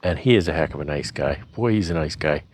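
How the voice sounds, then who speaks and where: A man's voice: very deep voice, animated, quick pace, breathy edge, no room sound. A beekeeping man talks to camera in a rambling, earnest way, with frequent fillers and restarts. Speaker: beekeeper vlogger. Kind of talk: casual talk to camera. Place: honey house.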